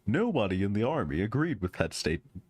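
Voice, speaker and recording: A man reading a story game aloud, joking between lines in animated asides. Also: on the low side, quick pace, breathy edge, no echo, soft background music. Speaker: game streamer.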